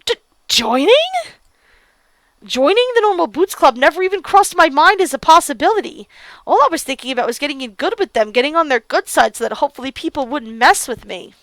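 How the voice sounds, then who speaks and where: A woman's voice: sits high, expressive, fast talker, fairly bright tone, no room sound. A woman streamer reading a visual novel aloud and reacting with gasps and laughs. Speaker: let's play streamer.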